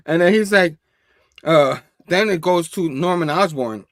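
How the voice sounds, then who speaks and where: A man's voice: on the high side, normal speed, fairly bright tone, no echo, clean studio sound. A man casually reviewing a comic book, reading the panel dialogue aloud in a loose, chatty way with frequent laughs.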